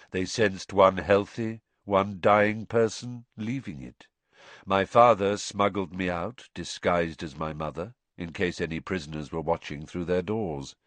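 A man voicing a drugged young man who confesses in a flat, expressionless voice. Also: sits low, dry recording.

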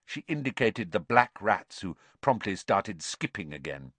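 A man narrating a storybook in an expressive, animated reading. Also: lowish voice, measured pace, no room sound. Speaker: audiobook narrator.

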